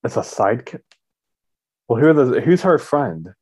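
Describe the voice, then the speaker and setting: A man's voice: mid-range voice, sing-song, moderate pace, darkish tone, slightly rough. A man playing a quiz game, talkative and reasoning aloud about his guesses. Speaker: quiz contestant. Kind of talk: casual game chat.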